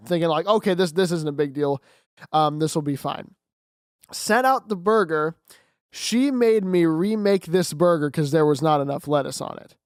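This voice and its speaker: Smooth high-voiced teen guy. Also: no room sound, clean studio sound. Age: teens. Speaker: podcast co-host. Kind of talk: casual chat.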